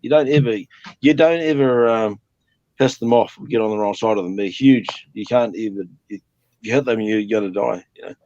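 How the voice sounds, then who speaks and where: A man's voice: lowish voice, fairly quick, a little mellow, no room sound. Rambling New Zealand man on a call. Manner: rambling, laughs often, swears casually. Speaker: guest. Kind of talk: casual live-stream chat. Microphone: video call. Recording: muffled video-call audio.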